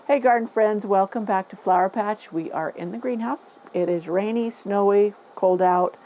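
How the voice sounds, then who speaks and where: A woman's voice: mid-range voice, normal speed, mellow, highs cut off, slight background noise. Chatty gardening woman in a greenhouse. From Northern California. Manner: chatty, opinionated, repeats herself for emphasis. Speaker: gardening channel host. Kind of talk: casual talking-to-camera vlog. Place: greenhouse on a rainy day. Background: faint dripping rain ambience.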